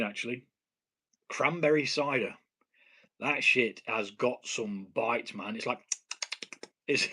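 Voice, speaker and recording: Bright-voiced and medium in pitch, this British man runs a home brewing channel and chats casually on a live stream. He talks bluntly, swears offhandedly and laughs at his own expense.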